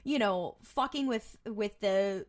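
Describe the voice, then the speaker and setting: A woman's voice: mid-range voice, slow. A woman co-hosting a podcast, chatting casually about a TV episode with sarcastic asides. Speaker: podcast co-host. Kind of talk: casual recap chat.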